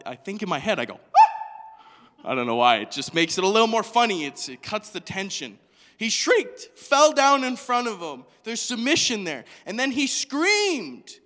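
A man preaching a sermon in a church hall, animated, asking the congregation question after question. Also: high voice. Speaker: pastor.

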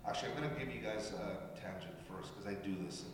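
A man's voice: lowish voice, fast talker, noisy background. A man from Canada preaching a sermon, talking conversationally and addressing the congregation directly. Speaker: pastor. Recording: echoey hall with long reverb.

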